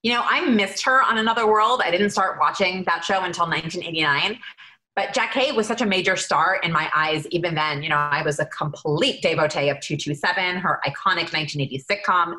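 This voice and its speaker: A woman co-hosts a podcast, her voice bright and forceful. She talks with eager enthusiasm, and the room around her is noticeably echoey. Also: on the low side, brisk. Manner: enthusiastic and gushing. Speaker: podcast co-host. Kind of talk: casual chat.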